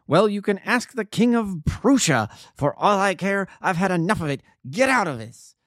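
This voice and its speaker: A man voicing an angry male poultry salesman who shouts fiercely. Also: big pitch swings, normal speed, dry recording, studio quality. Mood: angry shouting. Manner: shouting, raised high voice.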